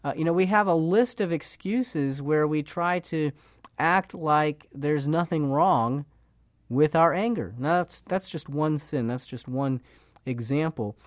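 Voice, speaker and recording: A man's voice: a little high, measured pace, dry recording, studio quality. A man delivering an earnest sermon, often repeating words and using fillers as he speaks. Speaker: preacher.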